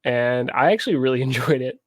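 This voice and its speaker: A young man co-hosts a casual podcast at a middle pitch, swearing freely and acting out quotes in funny voices. His voice is close and dry, with no room sound. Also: fairly quick, no room sound. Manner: animated, swears a lot, acts out quotes. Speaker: podcast co-host. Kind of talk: casual chat. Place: home streaming setup.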